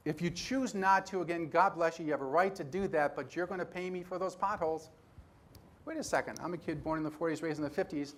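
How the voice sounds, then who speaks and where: Older man in his sixties, conference speaker, lively storytelling, slightly high voice. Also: fast. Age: 60s. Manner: animated storyteller who acts out dialogue. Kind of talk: storytelling keynote talk.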